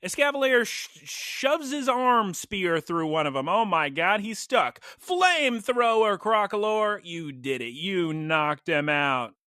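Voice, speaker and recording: A young man with a high, bright voice that swoops up and down as he recaps an anime episode on a podcast. He talks in excitable play-by-play and calls out attack names. The sound is close and dry. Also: unhurried, few pauses, dry recording. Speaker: podcast co-host. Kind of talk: casual anime recap chat.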